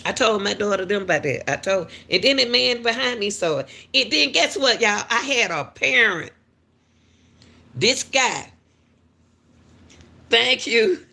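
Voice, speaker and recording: A woman, a school crossing guard, casually telling viewers a story in an animated way and calling out to them often. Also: a little high, unhurried, vocal fry, long pauses. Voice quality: talks straight to viewers with repeated "y'all", animated and laughing.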